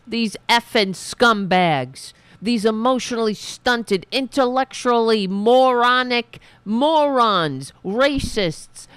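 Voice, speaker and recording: A woman's voice: a little high, no room sound. Woman ranting in a dry room. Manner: angry ranting, profane. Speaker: political talk show host. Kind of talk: casual live-stream talk.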